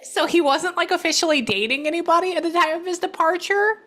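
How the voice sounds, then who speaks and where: A woman psychic medium giving a casual reading, animated and blunt, swearing freely as she relays messages. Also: extremely high pitch, fast.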